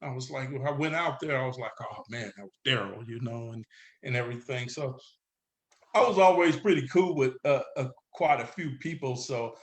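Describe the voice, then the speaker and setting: A middle-aged man from San Diego, a guest in a casual interview, retelling his past in a rambling, animated way full of filler words. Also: mid-range voice, moderate pace. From San Diego, California. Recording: roomy echo.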